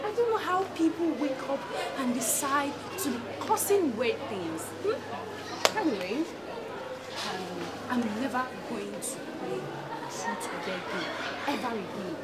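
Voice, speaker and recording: Sassy nigerian schoolgirl, high and sing-songy, music and crowd noise under. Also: very animated, slow pace. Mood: gossipy. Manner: sassy, mocking, pleading. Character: scheming young female student, sassy and manipulative.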